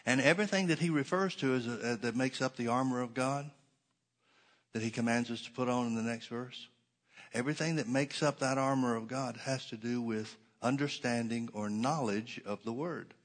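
A middle-aged man preaching a Sunday sermon from the pulpit. He talks at an ordinary pitch and leans into key words with slow, stressed repetitions. His tone turns sarcastic when he mocks ideas he rejects. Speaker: pastor.

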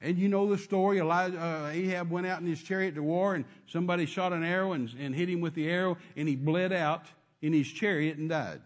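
A man's voice: on the high side, fairly even intonation, fairly quick, hardly any pauses. A man preaching a sermon, emphatic and repetitive, calling out to his congregation.

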